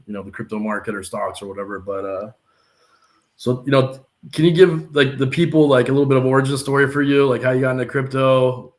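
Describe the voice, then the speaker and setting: A man hosting a podcast, asking loose, hedging questions full of likes and you-knows. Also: mid-range voice. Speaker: podcast host. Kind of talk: casual interview chat.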